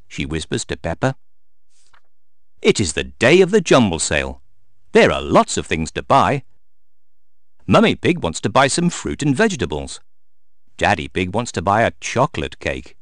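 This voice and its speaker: A man narrating a children's storybook in an expressive, sing-song reading style. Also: fairly low pitch, moderate pace, dry recording, studio quality.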